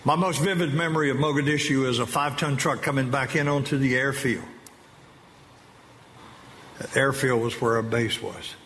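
A man giving an emotional personal testimony to an audience, earnest and halting, with slow emphatic phrases. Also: medium pitch, fairly bright tone. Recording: long reverb of a large hall with faint ambient noise.

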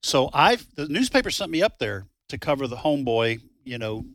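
A man co-hosting a talk radio show, telling stories and bantering on air in a lively way. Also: medium pitch, fairly quick, no room sound. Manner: lively anecdotal storyteller. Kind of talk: casual on-air banter and storytelling. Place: radio studio. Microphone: studio microphone.

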